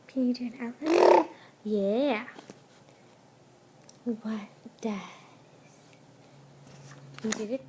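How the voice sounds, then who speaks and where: A woman's voice: fairly high pitch, takes it slowly, long pauses, heavy background noise. A mother coaxing her toddler at home, in sing-song baby talk, on a home video. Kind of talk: talking to a toddler. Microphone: handheld camera.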